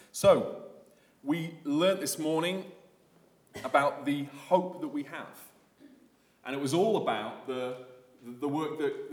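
Man preaching in an echoey hall. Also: on the low side. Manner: animated, conversational with frequent fillers and restarts. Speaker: visiting preacher. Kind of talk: sermon.

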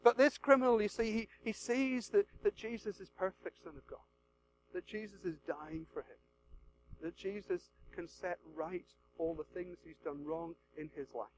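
A man preaching a sermon, swinging from loud urging to hushed pleading, repeating phrases and acting out prayers. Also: very high voice, a little fast, rough recording.

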